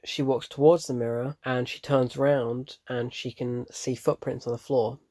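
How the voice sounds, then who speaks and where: A man giving a casual, animated spoken review of a horror film, openly frightened and often breaking off mid-thought. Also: medium pitch, normal speed.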